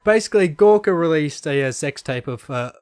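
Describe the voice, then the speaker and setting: A man's voice: on the high side, lively intonation, moderate pace, darkish tone, clean tone, dry recording, clean studio sound. A young man, a podcast guest, telling stories in a casual chat with easy laughs. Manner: storytelling, laughs into impressions.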